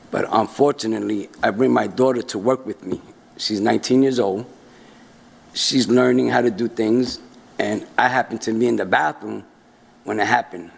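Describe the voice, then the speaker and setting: A man's voice: mid-range voice, fairly even intonation, moderate pace, gravelly, slightly rough, in a large hall. A store employee speaking earnestly at a public hearing, explaining himself and repeating his points. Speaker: store employee addressing board. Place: city council chamber.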